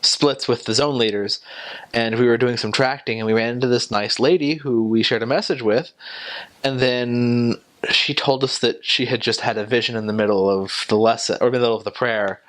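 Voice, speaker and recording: A man's voice: medium pitch, steady tone, moderate pace, a bit bright. A young man talking casually about his time as a missionary, rambling and hesitant, with many fillers and restarts. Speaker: returned missionary.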